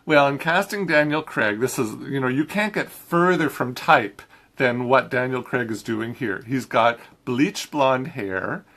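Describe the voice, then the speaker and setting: A man's voice: medium pitch, animated, normal speed, a bit bright. A man reviewing a film in a casual chat, talking easily with frequent restarts and laughs. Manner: chatty, laughs often, many restarts.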